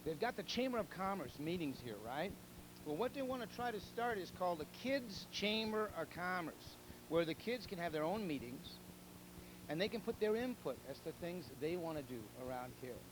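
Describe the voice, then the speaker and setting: A rambling male telethon host who tells jokes and pitches a community raffle, repeating himself as he goes. His voice sits somewhat high, and a steady hum with clear background noise runs under the recording. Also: moderate pace. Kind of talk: casual joke-telling and fundraising appeal.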